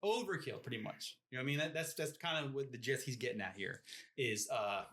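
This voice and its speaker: A man's voice: medium pitch, animated, fairly quick, fairly bright tone. A man co-hosting a podcast, chatting casually about a book in a rambling way, often asking "you know what I mean?". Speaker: podcast co-host. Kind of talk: casual book discussion chat.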